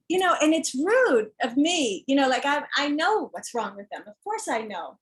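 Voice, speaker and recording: A woman's voice: sits high, sing-song, moderate pace, hardly any pauses, rough recording. A woman author talking frankly and emphatically about her children's book, acting out other people's words and sometimes swearing. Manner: swears when heated. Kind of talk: candid conversation.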